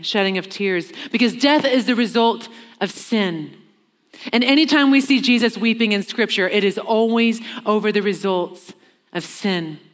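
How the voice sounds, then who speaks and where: A woman's voice: fairly high pitch, fairly bright tone. Earnest woman preaching in a reverberant hall. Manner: earnest, slows down for emphasis, acts out quoted lines. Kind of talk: sermon. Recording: long reverb of a large hall.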